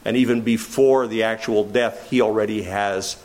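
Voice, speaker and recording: A man preaching a sermon with intense delivery, swinging from low and quiet to loud and raised, and stretching key phrases slowly for emphasis. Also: fairly even intonation. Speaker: pastor.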